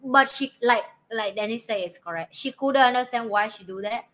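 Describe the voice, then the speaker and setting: Bright-voiced mom in casual chat. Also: female voice, a little high, moderate pace. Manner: non-native English, simple grammar, animated retelling. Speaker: podcast co-host.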